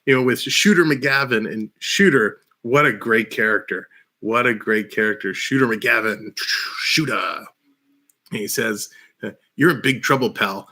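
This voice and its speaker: A man with a bright, clear-edged voice hosts a relaxed live stream, chatting with a rambling, excited flow and frequent laughter. He talks into a headset mic from a small room at home. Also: fairly low pitch, unhurried. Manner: laughs often, rambling and enthusiastic. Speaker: livestream host. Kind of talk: casual live-stream chat.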